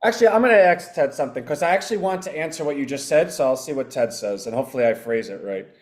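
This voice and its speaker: A man's voice: fairly high pitch, racing. A man who founded a company, explaining his AI product in a loose, rambling live-stream chat with self-deprecating asides.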